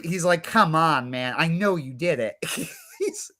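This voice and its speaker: A man with a fairly high, bright and forceful voice, talking casually on a livestream. He retells a story by acting out both sides of each exchange and peppers his speech with "like" and "right?". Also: lively intonation, unhurried. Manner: retells scenes with lots of "like" and quoted back-and-forth. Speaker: livestream co-host. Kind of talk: casual chat.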